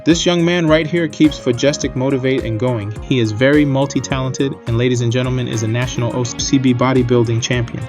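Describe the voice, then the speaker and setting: Man, comedy show host, upbeat stage introduction, middle pitch, music underneath. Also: steady tone, fairly quick, hardly any pauses. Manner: upbeat announcer hyping the next act.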